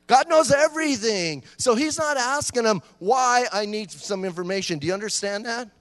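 High-voiced animated preacher in a hall. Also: male voice. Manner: animated preacher acting out voices, joking with the congregation. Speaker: pastor. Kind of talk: sermon.

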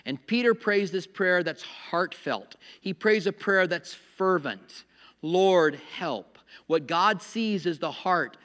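A man preaching a sermon as pastor, animated, acting out little voices and laughing at his own jokes. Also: sits high, slow pace, hardly any pauses, big-room sound.

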